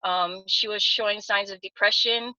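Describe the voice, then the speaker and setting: A woman's voice: medium pitch, fairly even intonation, moderate pace, bright, forceful tone, no room sound. A woman in her thirties from Hawaii telling her story in a casual, earnest way with lots of fillers on a video call. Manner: earnest, many fillers and restarts. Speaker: guest giving a testimonial on a video call. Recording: dull lo-fi call audio.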